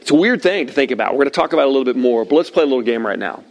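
A middle-aged man preaching to a room of listeners at tables, telling a story in a lively way and acting out the lines he quotes. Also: mid-range voice, rapid-fire. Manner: animated storyteller, acts out shouted quotes. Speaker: pastor. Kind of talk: sermon with personal story.

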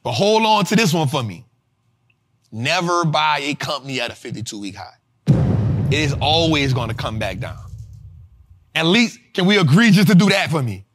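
An animated man teaching a class on stock investing, speaking. His voice sits a little higher than most men's. He talks straight to the room and keeps his listeners involved. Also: normal speed, long pauses, noisy background. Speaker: investing teacher and show host. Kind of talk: live classroom lecture.

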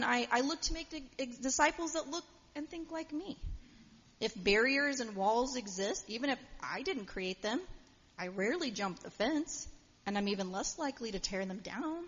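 A woman's voice: fairly high pitch, lively intonation, normal speed, a bit bright, slightly rough. A woman preaching a sermon in a casual, storytelling way with frequent fillers, in a church. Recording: dull sound with long hall reverb.

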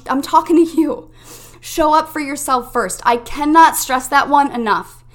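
A woman's voice: high-pitched, fairly bright tone. A young woman hosting a self-help podcast, talking straight to her listeners in an upbeat, emphatic way. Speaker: podcast host. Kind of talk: motivational self-help monologue.

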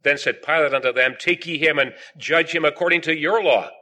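A man's voice: on the high side, a little fast, sharp tone. A man preaching a sermon to a gathered audience, reading long King James scripture passages aloud with rising emphasis on the questions.

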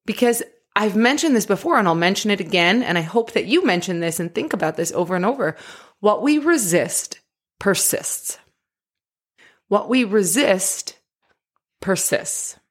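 A woman life coach giving a motivational talk in an animated way, laughing often. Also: medium pitch, unhurried.

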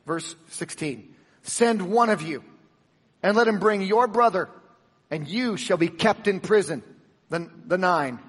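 A man preaching a sermon with animated, emphatic delivery, swinging from loud peaks to soft drops and acting out the dialogue of the story. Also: high voice, long reverb tail. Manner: acts out the dialogue of the Bible story. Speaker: pastor.

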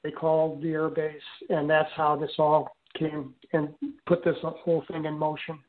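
Older man, interview guest, halting storyteller, frequent fillers, tinny phone audio. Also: a little high, monotone. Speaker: guest recounting an experience.

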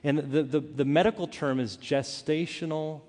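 A man preaching a sermon, telling a personal story with earnest, animated delivery and frequent restarts. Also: a little high, normal speed. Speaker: pastor. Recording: hall reverb.

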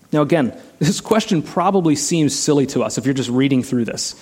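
Speaking a little fast with few pauses, this pastor delivers his sermon casually, like a conversation, throwing out rhetorical questions to the listeners and restarting often with plenty of "like." His voice is mid-range with a darkish tone.

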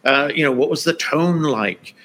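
A man in a casual live-stream chat who talks in a relaxed way, often laughing and tagging his points with "right?". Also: on the high side, normal speed. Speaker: LinkedIn expert co-host.

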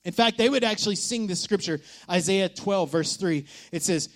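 Brief: male pastor, high voice, animated sermon delivery, hushed-to-loud swings, rhetorical questions. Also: normal speed, hardly any pauses.

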